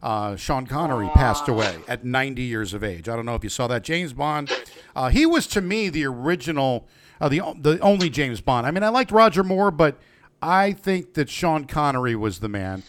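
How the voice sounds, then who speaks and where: A man in his fifties co-hosting a casual chat, jokey and halting, with plenty of fillers. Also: fairly high pitch. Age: 50s. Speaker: co-host.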